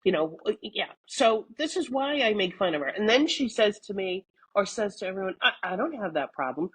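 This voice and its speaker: A middle-aged woman co-hosting a podcast, telling a friend's antics in a loose, chatty way. She laughs often and swears casually. Her voice is husky and sits at a middling pitch. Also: animated, fairly quick, few pauses, low-quality recording. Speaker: podcast co-host. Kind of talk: casual chat.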